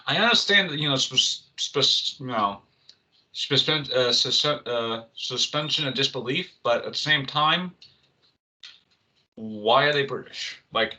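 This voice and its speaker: A man's voice: mid-range voice, lively intonation, unhurried, bright, forceful tone, poor audio. A man co-hosting an entertainment podcast, talking casually with lots of restarts and fillers. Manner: rambling, many restarts and fillers. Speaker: co-host.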